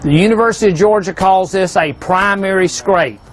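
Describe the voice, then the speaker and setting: High-voiced man telling hunting tales. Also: moderate pace, slight background noise. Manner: folksy, asks the crowd rhetorical questions, joking. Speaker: hunting seminar speaker. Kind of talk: folksy storytelling talk to a live audience.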